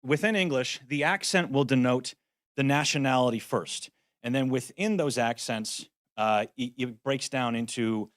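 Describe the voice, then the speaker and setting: A man's voice: medium pitch, moderate pace, no echo. Guy giving a conference talk on voice acting, wry and practical, dry close sound. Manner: practical, wry, self-deprecating asides. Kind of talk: conference presentation. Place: conference venue.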